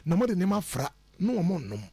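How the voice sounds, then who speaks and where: A man with a high voice talks quickly as a guest in a radio studio. His advice on how to order your life comes across lively and preachy, peppered with English phrases.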